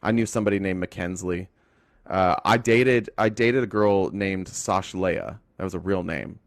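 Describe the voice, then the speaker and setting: ユタ州出身の男性が、ライブ配信の視聴者コメントに応えながら、脱線や言い直しを交えて政治の話を気ままに語っている。. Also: male voice, sits low, unhurried, no echo. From Utah. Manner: rambling, talks to chat, self-correcting. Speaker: livestream host. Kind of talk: casual political livestream chat.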